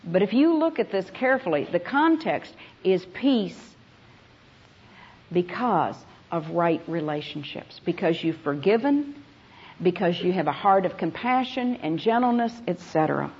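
A woman's voice: lowish voice, animated, unhurried, breathy edge. Woman preaching on a dull lo-fi tape. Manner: emphatic storytelling, addressing the audience directly. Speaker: Bible teacher at a conference. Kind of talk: sermon.

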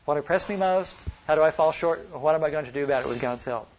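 A man from Oklahoma and Texas teaching a Bible study workshop, who slows down to stress single words when he reads scripture. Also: on the high side, darkish tone, highs cut off, a little hiss or hum.

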